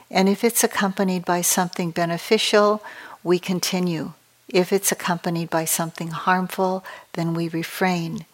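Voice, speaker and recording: A woman meditation teacher giving a dharma talk at a retreat, speaking in a calm, measured and reflective way. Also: fairly low pitch.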